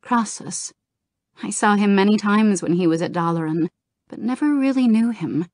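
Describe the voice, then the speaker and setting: A woman's voice: mid-range voice, moderate pace, darkish tone, dry recording, clean studio sound, voice pushed up, natural voice. A woman reading as a wistful young woman mage. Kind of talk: audiobook reading.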